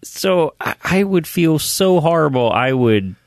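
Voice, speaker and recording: A man's voice: fairly high pitch, big pitch swings, a little slow, vocal fry, no echo. A man co-hosting a podcast who chimes in with short reactions and quips in casual chat. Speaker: podcast co-host.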